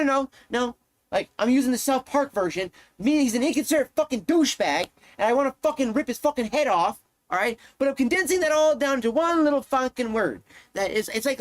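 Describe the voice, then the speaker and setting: A man's voice: very high-pitched, no echo. A man live-streaming, ranting to his chat in a heated, profane way, often repeating himself.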